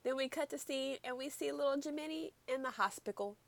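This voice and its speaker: A woman's voice: high-pitched, brisk, creaky. A woman casually recapping a show with friends, chatty and giggly, using many "like" fillers. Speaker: podcast co-host.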